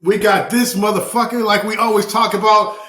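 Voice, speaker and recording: A man's voice: high voice, steady tone, brisk, sharp tone, echoey room, faint music behind. A man co-hosting a podcast, delivering a passionate, profane comedic rant with lots of repeated phrases. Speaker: podcast co-host.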